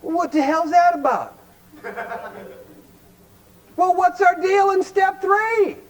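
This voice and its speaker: A man from Cleveland, Ohio, gives a folksy, blunt recovery workshop talk, constantly quizzing his audience with rhetorical questions. His voice is very high, animated, and slow, and the recording is rough.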